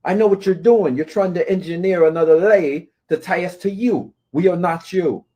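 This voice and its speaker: A man's voice: high voice, moderate pace, warm tone. A man ranting at his critics, scolding and taunting them and often asking "right?". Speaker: commentator. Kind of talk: confrontational rant to camera.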